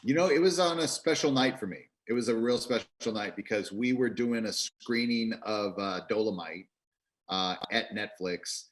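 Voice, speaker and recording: A film director on a video call, telling stories in an animated way, acting out quotes with many restarts. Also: male voice, on the low side. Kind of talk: interview storytelling.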